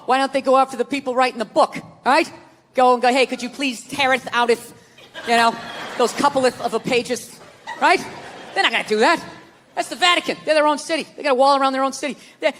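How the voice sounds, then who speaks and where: A man doing a stand-up comedy set, profane and animated, slipping into mocking voices. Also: very high-pitched, slight background noise. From United States. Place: large hall before a live audience. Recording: live stage recording in a reverberant hall with crowd.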